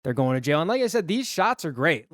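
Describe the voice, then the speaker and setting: A man's voice: a little high, very animated, fast, fairly bright tone, no room sound, clean studio sound. A man co-hosting a podcast, casually retelling a film's scenes and acting out the characters' lines. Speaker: podcast co-host. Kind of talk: casual movie recap chat.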